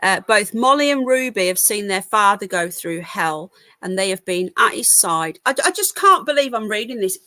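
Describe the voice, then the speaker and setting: A woman's voice: medium pitch, normal speed, hardly any pauses, sharp tone, dry recording. Tired, chatty British woman livestreaming news. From United Kingdom. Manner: chatty, opinionated, reacting to chat comments. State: tired, yawning. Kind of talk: casual live-stream commentary.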